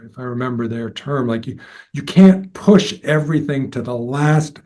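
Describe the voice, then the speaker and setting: Man, law professor, halting speech, repeats words, thinking aloud, podcast talk. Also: medium pitch, mellow. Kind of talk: conversational podcast discussion.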